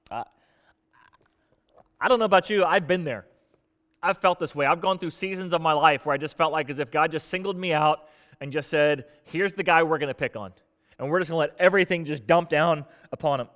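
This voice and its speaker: High-voiced man preaching in a reverberant hall. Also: a little fast. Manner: paraphrases scripture in lively conversational speech, voicing Job with rising intensity. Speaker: pastor. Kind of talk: sermon.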